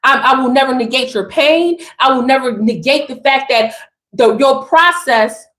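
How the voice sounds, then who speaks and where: A woman's voice: high-pitched, moderate pace, fairly bright tone, roomy sound. A woman giving an emphatic, sassy motivational spiritual talk straight to her listeners.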